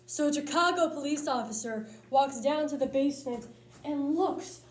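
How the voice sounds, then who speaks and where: A woman with a high voice delivers a comedic monologue in punchy, lively storytelling. The sound carries a roomy echo from the space she's in. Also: normal speed. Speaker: speech tournament competitor.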